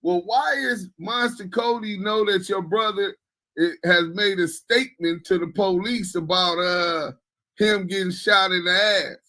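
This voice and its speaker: A man's voice: high voice, measured pace, sharp tone, rough recording. A man hosting a podcast, giving profane and mocking reaction commentary on a clip he doesn't believe. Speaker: podcast host.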